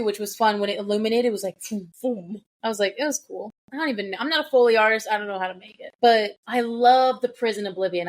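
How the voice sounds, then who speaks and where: A woman co-hosting a podcast, talking in an animated, casual way and cursing now and then. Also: mid-range voice. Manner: animated, swearing, quoting characters with laughs. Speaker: podcast co-host. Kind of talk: casual book chat.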